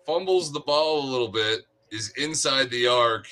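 A man co-hosting a casual sports chat, breaking down plays in a measured way with frequent restarts. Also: medium pitch, sharp tone. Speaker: sports podcast co-host.

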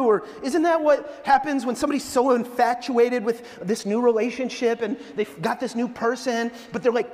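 A middle-aged pastor preaching a sermon, animated and joking, telling stories in a church. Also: male voice, very high voice. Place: church sanctuary. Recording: long church hall reverb.

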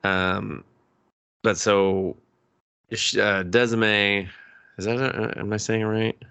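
Man, podcast co-host, casual chat, animated, swears, low voice. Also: takes it slowly, creaky, clear, resonant tone, no echo. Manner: animated, swears freely, acts out scenes. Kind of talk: casual chat recapping anime.

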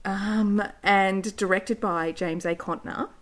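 A woman co-hosting a casual rewatch podcast, animated and swearing freely as she reads synopses aloud. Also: medium pitch, takes it slowly. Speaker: podcast co-host. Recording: faint background noise.

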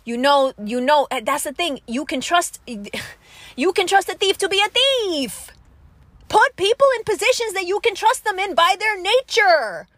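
A woman with a strikingly high voice rants bluntly and confrontationally, swearing constantly as she lectures her listeners. The sound is dry and close, with no room echo. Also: sing-song, measured pace, a bit bright. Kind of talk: profane political rant.

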